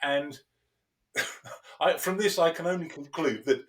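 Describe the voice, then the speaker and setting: A man in conversational discussion as a podcast co-host and lecturer, talking in an animated way, chuckling often and restarting his phrases. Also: fairly high pitch, a little slow, far from the mic.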